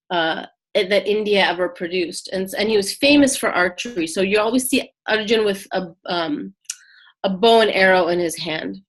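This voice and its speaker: A woman with a mid-range voice teaches a casual spiritual lesson. She talks conversationally as she retells a story, with many fillers and restarts.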